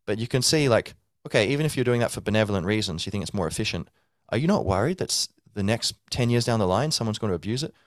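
A man's voice: fairly low pitch, animated, fast talker, hardly any pauses, no echo, clean studio sound. A man hosting a podcast, talking casually in a loose, rambling monologue full of fillers and restarts. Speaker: podcast host.

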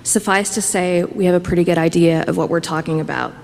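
A woman serving as a legal director, giving a formal, measured prepared statement at a hearing. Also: lowish voice, steady tone, vocal fry, darkish tone, in a large hall.

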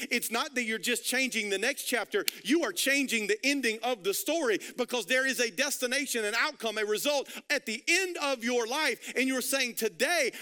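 A man preaching a sermon, emphatic and repetitive, swinging between hushed lines and loud ones. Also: high voice. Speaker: pastor.

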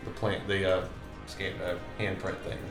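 A man's voice: deep voice, little pitch movement, normal speed. A man playing a tabletop game, describing his character casually with some hesitation. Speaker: player. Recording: echoey room with faint music.

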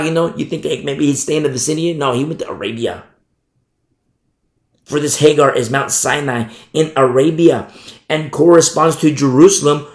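An American man teaching through a Bible passage verse by verse, emphatic, asking rhetorical questions and drawing key words out slowly. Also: fairly high pitch, roomy sound. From United States.

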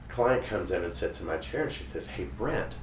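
Man, lowish voice, lively storyteller, slightly distant mic in a roomy space. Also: a little fast, slight background noise. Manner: animated, acts out quoted voices. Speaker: hairstylist and guest storyteller. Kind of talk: casual storytelling chat. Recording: roomy, a bit distant, faint room ambience.

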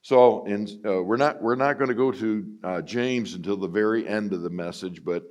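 A middle-aged man preaching a sermon in a conversational, self-mocking way, often acting out quoted lines with sudden jumps up in pitch. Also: normal speed, darkish tone, lo-fi sound. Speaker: guest preacher. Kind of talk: sermon with personal storytelling.

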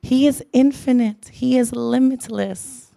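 A woman's voice: high-pitched, fairly even intonation, unhurried, gravelly, mellow, no echo, studio quality. A young adult woman giving an earnest sermon, repeating phrases for emphasis. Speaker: church speaker.

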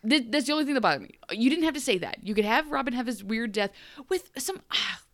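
A woman co-hosting a podcast, recapping an episode in casual chat, animated and laughing often as she acts out characters. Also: fairly high pitch, quick pace, no echo, clean studio sound. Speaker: podcast co-host.

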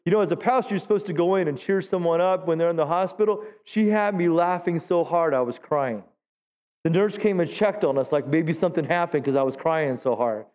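A man's voice: on the high side, fairly quick. A male pastor giving a sermon in a church, talking with the congregation and asking them questions. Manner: conversational preaching, asks the congregation questions. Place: church sanctuary. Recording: dull lo-fi sound with long hall reverb.

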